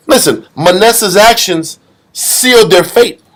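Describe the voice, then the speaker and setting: High-voiced guy preaching at a bible study, blunt and emphatic, slangy. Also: measured pace, a bit bright. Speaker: teacher leading a scripture study. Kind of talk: informal Bible study sermon.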